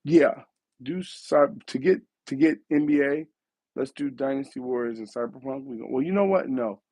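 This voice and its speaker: A man's voice: mid-range voice, normal speed, dark tone, no echo. A man hosting a casual gaming talk show, rambling and correcting himself as he thinks aloud, his voice worn from a recent cough. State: getting over a cough, losing his voice. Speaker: show host.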